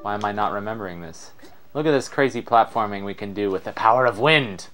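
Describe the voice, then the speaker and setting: A man's voice: lowish voice, fast, a bit bright, faint music behind. A young man giving casual gameplay commentary in a rambling, self-deprecating way. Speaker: let's player.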